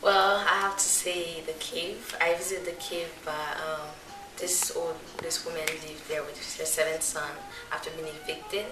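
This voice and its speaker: A woman with a low, steady, fairly flat voice reflects earnestly on the highlights of her trip. She is heard from a distance in an echoey space. Music plays clearly behind her. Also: unhurried. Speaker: student on a study trip.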